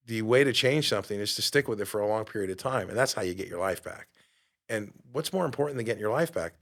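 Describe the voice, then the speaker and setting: A man's voice: medium pitch, a bit bright. Emphatic middle-aged man hosting a podcast. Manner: emphatic and preachy, asks the listener rhetorical questions; swears casually. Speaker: podcast host. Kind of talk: motivational podcast talk.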